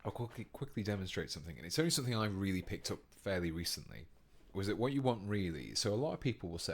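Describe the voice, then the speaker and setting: A man's voice: deep voice, quick pace, hardly any pauses, breathy edge. A British man giving a casual painting tutorial on a live stream, chatting with viewers as he works. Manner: relaxed and chatty, reading out viewer comments.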